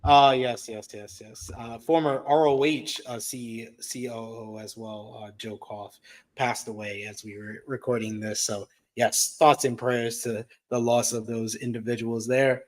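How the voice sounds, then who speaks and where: A man's voice: mid-range voice, unhurried. A man with a New York accent co-hosting a casual wrestling review, bantering and reading out viewer donations. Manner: reads out donations, lively banter. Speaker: co-host.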